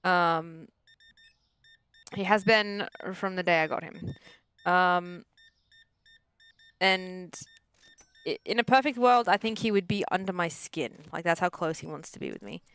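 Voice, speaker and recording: A woman's voice: lowish voice, a little slow, long pauses, a bit bright, clear, resonant tone, rough recording. Chatty woman streaming a game. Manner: chatty, playful, breaks off to coo at her dog; makes sing-song beeping sounds while scanning items. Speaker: streamer and therapist. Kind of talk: casual gameplay chat. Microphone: desk microphone.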